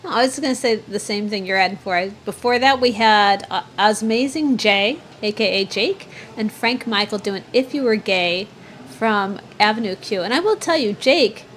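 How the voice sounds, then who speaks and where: A woman's voice: medium pitch, moderate pace, a bit bright, slight background noise. A woman co-hosting a casual livestream chat, upbeat and teasing, saying she is sick. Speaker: co-host.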